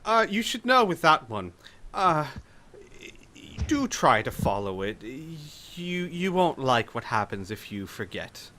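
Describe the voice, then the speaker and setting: A man voicing an eccentric male mad wizard in a tabletop game, with a drawn-out, fussy, mock-apologetic way of talking. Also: on the high side, very animated, pushed and bright, full character voice. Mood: whimsical.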